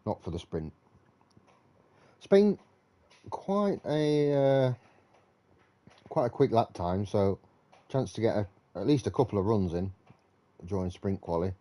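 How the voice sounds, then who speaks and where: Mellow low-voiced man commentating a race. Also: slow pace, pauses often. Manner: relaxed, chatty, thinking aloud. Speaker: racing league commentator. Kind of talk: live sim racing commentary.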